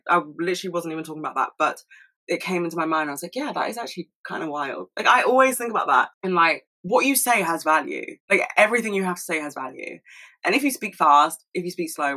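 A woman talking fast and candidly to her camera at home, swearing freely in a casual solo monologue. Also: on the low side, bright, forceful tone, poor audio. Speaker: solo video host.

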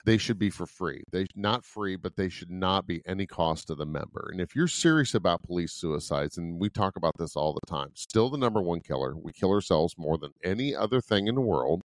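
Blunt, low-voiced middle-aged man. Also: lively intonation, a little fast, hardly any pauses, no room sound, clean studio sound. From Ohio, USA. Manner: blunt, profane, laughs often. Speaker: podcast co-host. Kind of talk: casual podcast chat.

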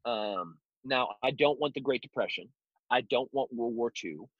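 In a casual interview captured on a dull, dry lo-fi recording, a male guest who teaches self-defense speaks at a measured pace in a mid-range voice. He's blunt, telling stories peppered with mocking asides.

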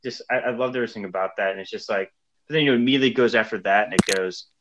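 A man co-hosting a casual movie chat who talks in halting restarts and laughs. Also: fairly low pitch, muffled recording, noisy background. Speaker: podcast co-host.

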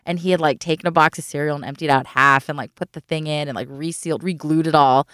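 A woman co-hosting a podcast, telling stories in a lively way and acting out what people said. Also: low-pitched, fast talker, smooth, no echo, clean studio sound. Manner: animated storyteller acting out quotes. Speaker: podcast co-host. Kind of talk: casual chat.

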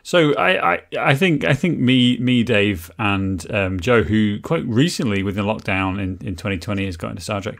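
A man's voice: lowish voice, lively intonation, moderate pace, creaky, hardly any pauses, a bit bright. A man co-hosting a podcast, chatting casually, often stopping to correct himself. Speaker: podcast co-host.

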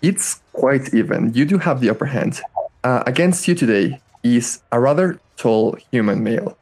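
A man's voice: mid-range voice, lively intonation, moderate pace, darkish tone, husky, soft background music. A man running a tabletop game as game master, narrating casually and animatedly with laughs.

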